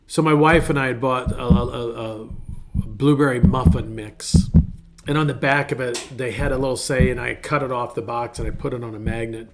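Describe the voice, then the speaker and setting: A man's voice: mid-range voice, slight background noise. A middle-aged male pastor giving a casual, rambling devotional talk in a folksy way. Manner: rambling, folksy, self-interrupting.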